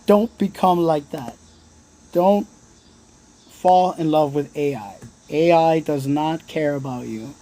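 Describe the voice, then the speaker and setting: A man's voice: a little high, a little slow, few pauses, warm tone. Blunt, earnest man streaming live. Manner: blunt, earnest, swears freely, talks straight to viewers. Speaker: livestream host. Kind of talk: casual motivational livestream talk. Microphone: phone.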